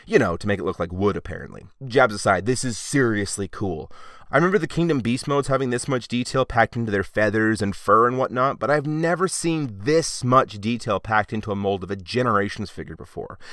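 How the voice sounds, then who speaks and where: A man's voice: mid-range voice, a bit bright, no echo, studio quality. A man giving a casual, wry toy review with chatty, sarcastic asides.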